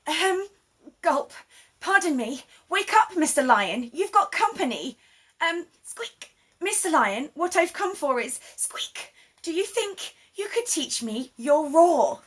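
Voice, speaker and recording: A small, timid storybook mouse, put on by a woman reading aloud, with a high squeaky little voice. He speaks haltingly, with nervous gulps and squeaks, in a bright raised pitch. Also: big pitch swings, exaggerated voice. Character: tiny timid male mouse wanting to roar.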